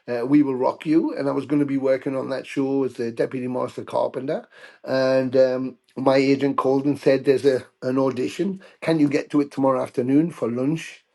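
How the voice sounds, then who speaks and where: Gravelly British man telling stories. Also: medium pitch. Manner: anecdotal, animated when quoting others. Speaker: guest musician. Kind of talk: casual interview storytelling.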